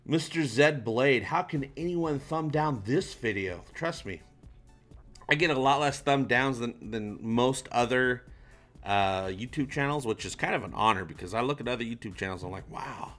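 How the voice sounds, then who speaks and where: Chatty guy hosting a livestream, bright voice, faint music in the back. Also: mid-range voice, normal speed. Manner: loose, chatty, swears casually. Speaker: livestream host. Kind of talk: casual live chat reading viewer comments.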